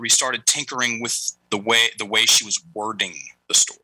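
Animated storytelling man, bright dry voice. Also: on the low side, moderate pace, few pauses, no room sound, low-quality recording. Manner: animated storyteller, acts out quoted lines. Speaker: guest, breathing and language coach. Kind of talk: storytelling interview talk.

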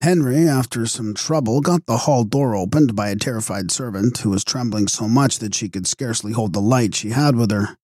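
Husky-voiced man narrating gothic fiction. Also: medium pitch, dry recording, clean studio sound. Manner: steady, measured storytelling. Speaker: audiobook narrator.

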